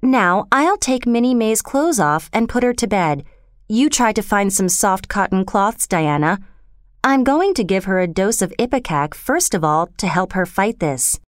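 A woman's voice: medium pitch, lively intonation, a little slow, dry recording, clean studio sound, close to an everyday voice. A woman voicing an imaginative, talkative young orphan girl in a storybook reading, earnest and dramatic. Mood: urgent. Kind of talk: storybook character voice.

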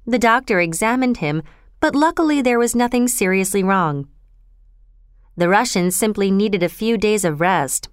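A woman reads a children's story aloud with a lively, rising and falling delivery. Her voice is smooth and resonant. The recording is close and dry. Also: medium pitch, no room sound. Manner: expressive, clear reading. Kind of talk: scripted children's story narration.

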